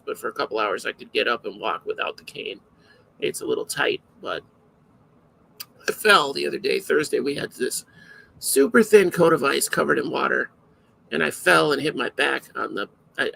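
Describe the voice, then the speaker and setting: A man's voice: mid-range voice, vocal fry, sharp tone, slight background noise, poor audio. A man hosting a live podcast alone, chatting casually in a rambling, self-interrupting way. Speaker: podcast host.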